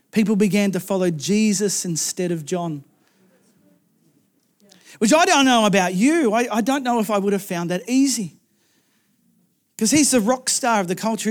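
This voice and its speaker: A male pastor delivers a sermon in an earnest, conversational way. His voice sits notably high for a man. He often doubles back and repeats words as he thinks aloud.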